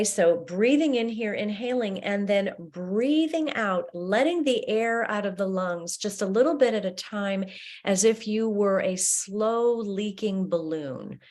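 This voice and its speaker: A woman leading a guided breathing meditation and laughter yoga, her voice slow and soothing. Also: medium pitch, darkish tone.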